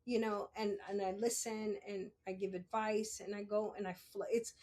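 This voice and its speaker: A woman's voice: mid-range voice, little pitch movement, moderate pace, darkish tone. A woman in her forties hosting a podcast, talking casually and candidly, often laughing and correcting herself. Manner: chatty, laughs often, self-correcting asides. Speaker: podcast host. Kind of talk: casual monologue.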